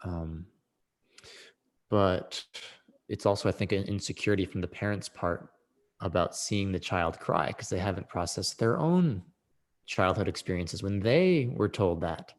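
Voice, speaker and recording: A man's voice: deep voice, animated, unhurried. A man speaking as a podcast guest, explaining emotional healing in an earnest, explanatory way, rising sharply for emphasis. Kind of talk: reflective conversation on emotional healing.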